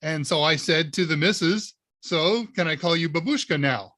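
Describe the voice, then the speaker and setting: A man from Northern Ohio hosts a live question-and-answer stream with a bright, forceful voice that sits a little high. He chats casually and wanders off into anecdotes, padding his sentences with fillers. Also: moderate pace. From Northern Ohio, USA. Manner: rambling anecdotal storyteller with many fillers. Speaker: live Q&A show host.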